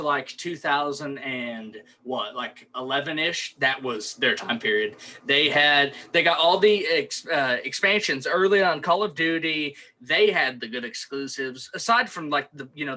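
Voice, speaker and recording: A man's voice: a little high, bright, forceful tone, rough recording. A young man co-hosting a podcast, chatting casually and rambling with lots of "like" and restarts. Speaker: podcast co-host. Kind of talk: casual chat.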